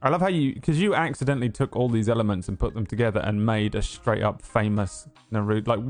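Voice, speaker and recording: A man's voice: on the low side, fast, a little mellow. A man hosting a tabletop game stream, feeling unwell, rambling and joking with many fillers. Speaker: game master and host. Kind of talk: casual chat opening a tabletop game stream.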